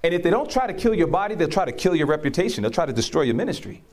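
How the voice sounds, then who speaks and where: Racing along in a voice on the high side, a man preaches and shares stories from his own life in conversational testimony. He animatedly acts out what people said and laughs often.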